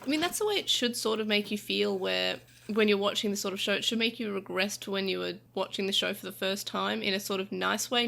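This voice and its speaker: A woman co-hosts a relaxed podcast discussion, her voice bright and clear at an ordinary pitch. She talks her thoughts through aloud, with frequent fillers and restarts. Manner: chatty, thinks aloud with many fillers and restarts. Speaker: podcast co-host.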